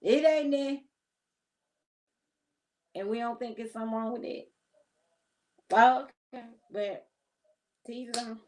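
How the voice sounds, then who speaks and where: Woman host; opinionated, slangy vlog talk aimed straight at the viewer, pitched a bit high. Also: slow, pauses often, low-quality recording. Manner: chatty, opinionated, slangy, direct address. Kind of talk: casual commentary vlog.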